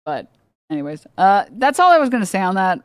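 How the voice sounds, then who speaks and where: A woman's voice: medium pitch, sing-song, fairly quick, no room sound, studio quality. A woman streamer ranting casually, rambling with lots of "like", swearing and laughing often. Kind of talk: casual livestream rant. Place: home streaming setup.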